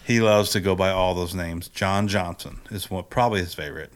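A man co-hosting a podcast in relaxed chat, laughing easily. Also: sits low, brisk. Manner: laid-back and chatty, laughs easily. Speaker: podcast co-host. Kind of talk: casual chat.

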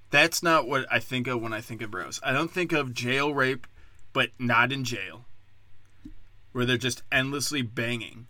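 Guy ranting on his podcast, crude and sarcastic, bright punchy voice, dry close mic. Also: medium pitch, no room sound. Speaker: podcast host. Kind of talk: comedic rant monologue.

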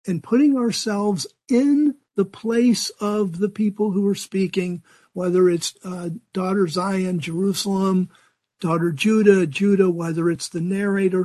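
An older man with a fairly high voice teaches a Bible lesson to a group. He speaks earnestly and conversationally, often restarting his sentences. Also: darkish tone.

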